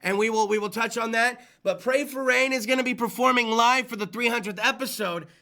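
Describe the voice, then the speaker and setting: A man's voice: fairly quick, gravelly, sharp tone. A man hosting a small-studio talk show, rambling in hyped, profane banter. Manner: rambling, hyped, swears freely, slips into goofy low voices. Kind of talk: loose, profane live call-in show banter.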